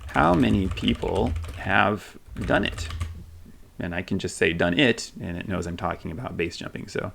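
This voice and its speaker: A man casually demonstrating a chatbot on his computer, thinking aloud, reading replies off the screen, and pausing on frequent ums. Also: low voice, expressive, gravelly, a bit bright, slight background noise. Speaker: tech video host. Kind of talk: casual screen-recorded demo.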